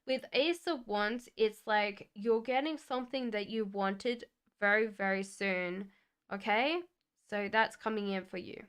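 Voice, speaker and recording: A woman's voice: mid-range voice, a little slow, a bit bright, smooth. A woman hosting a live-stream tarot reading, chatting casually and reassuring viewers by name as she answers their questions. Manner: hums while shuffling cards.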